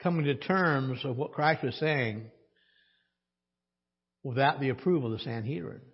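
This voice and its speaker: A man's voice: medium pitch, unhurried, slightly rough, lo-fi sound. A man preaching a teaching sermon, posing questions to the congregation and answering them himself. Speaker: pastor.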